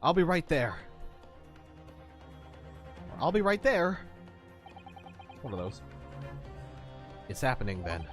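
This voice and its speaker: A man voicing an anxious, earnest young lawyer in low, worried inner monologue while reading a game aloud. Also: sing-song, slow, pauses often, soft background music. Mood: nervous.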